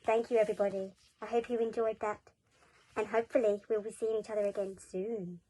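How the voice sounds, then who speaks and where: A woman reading a children's story aloud, gentle and expressive. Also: medium pitch, brisk, low-quality recording. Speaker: school reader.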